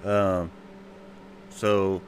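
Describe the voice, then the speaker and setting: A man's voice: deep voice, level tone, extremely slow, slight background noise. A man hosting a joke podcast, telling jokes in a folksy, rambling way.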